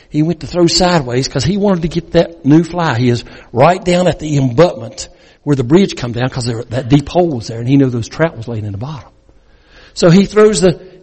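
A man preaching as a guest speaker, telling a dramatic story that swings between loud and hushed. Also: fairly high pitch, husky. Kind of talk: sermon storytelling. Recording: long reverb in a large hall.

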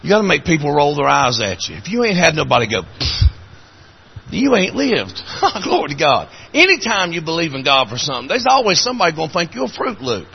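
A husky-voiced man with an Appalachian accent preaches a folksy sermon, his pitch swinging widely as he tells stories. His voice climbs high and cracks in the moving parts. The recording sounds muffled and low-fidelity. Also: wildly swooping pitch, fast, few pauses.

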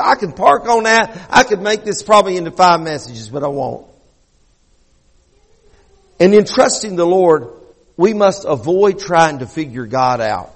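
A man's voice: high-pitched, lively intonation, unhurried, big-room sound. A man preaching a sermon, earnest and often repeating himself as he builds a point. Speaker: pastor.

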